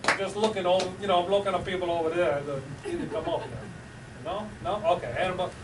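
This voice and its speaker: A fairly high-voiced man hosts a live improv show on a small theater stage, chatty and coaxing. He is picked up from a distance in a roomy hall, with clear background noise and room ambience. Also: fairly even intonation, quick pace. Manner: chatty, coaxing, laughs often.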